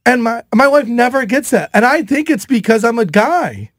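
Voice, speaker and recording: Loud, high-voiced storytelling man. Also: moderate pace, no room sound, studio quality. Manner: animated storytelling, loud and excitable. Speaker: radio show host. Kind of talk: casual chat.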